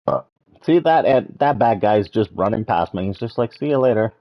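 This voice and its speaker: A man's voice: fairly low pitch, expressive, normal speed. A man from Canada streaming a game, playfully chatting, humming and taunting to himself. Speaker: live streamer. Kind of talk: casual gameplay commentary. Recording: dull lo-fi sound.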